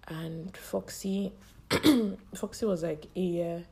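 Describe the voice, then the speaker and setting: Young female podcast host, choked up, halting delivery, warm low voice. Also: creaky. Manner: tearful, halting storytelling. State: choked up, strained voice. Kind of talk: personal monologue.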